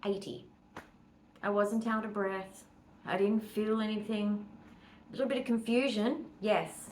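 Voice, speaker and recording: A woman's voice: mid-range voice, fairly even intonation, a little slow, darkish tone, a little hiss or hum, low-quality recording. An Australian woman chatting casually to her camera as she walks around her home, rambling with fillers and asides. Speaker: vlogger. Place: at home, walking between rooms.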